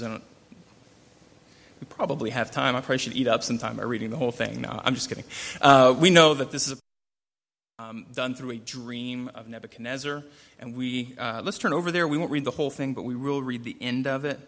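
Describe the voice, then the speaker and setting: A man's voice: medium pitch, fairly bright tone, in a large hall. A man giving an informal Bible teaching in a conversational way, with many ums and restarts. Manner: conversational, with frequent fillers and restarts.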